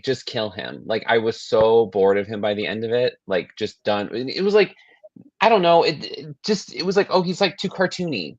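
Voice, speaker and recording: A man co-hosting a podcast in casual chat, rambling and animated, often restarting sentences and swearing. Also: mid-range voice, no room sound, lo-fi sound. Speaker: podcast co-host.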